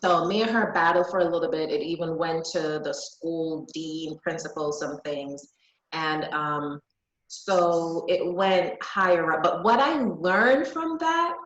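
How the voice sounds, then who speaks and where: A woman from Jamaica, reflectively telling a personal story as a podcast guest, with frequent ums and restarts. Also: on the low side. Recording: echoey room, dull lo-fi sound.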